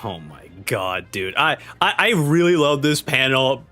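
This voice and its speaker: A man hosting a manga reaction video, reading the chapter aloud and reacting with excitable energy. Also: mid-range voice, measured pace, soft background music. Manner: animated and excitable, acts out characters' lines. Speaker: manga reaction channel host.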